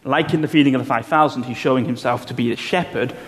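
A man preaching a sermon, explaining Bible passages in a measured way and slowing down to stress key phrases. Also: medium pitch. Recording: long hall reverb, faint room noise.

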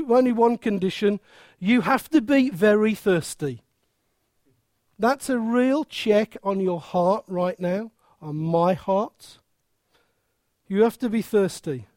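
A preacher in full sermon, emphatic and playful, peppering the talk with rhetorical questions. The delivery is unhurried and deliberate. The voice sits close and dry, with no room around it. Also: mid-range voice, a little mellow, dry recording.

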